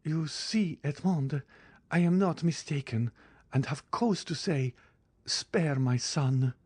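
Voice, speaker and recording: A man's voice: on the high side, slow pace, darkish tone, breathy edge, dry recording, voice pushed up. A man reading an audiobook, voicing a despairing middle-aged noblewoman who pleads for her son. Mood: pleading. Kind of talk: audiobook character voice.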